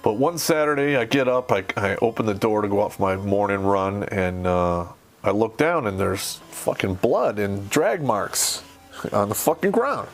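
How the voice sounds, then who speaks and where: A middle-aged American man hosting a podcast, telling rough war-story-style anecdotes in casual, profane talk and laughing at his own stories. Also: fairly low pitch, normal speed, soft background music. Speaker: podcast host.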